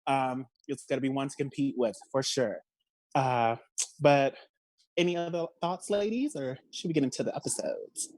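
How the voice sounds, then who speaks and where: A woman hosting a casual recap discussion over a call, expressive and frank, often laughing. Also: a bass voice, normal speed, no echo. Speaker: host.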